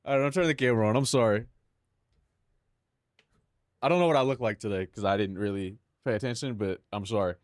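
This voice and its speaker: A man's voice: fairly low pitch, quick pace, pauses often, dry recording, studio quality. A young man streaming live, rambling casually to his chat and himself, swearing freely.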